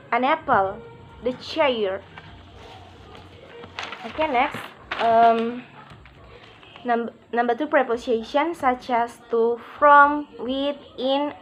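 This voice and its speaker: High-voiced woman reading a lesson slowly. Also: dull audio. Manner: halting, reads word by word with pauses. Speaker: presenter of a pronunciation lesson.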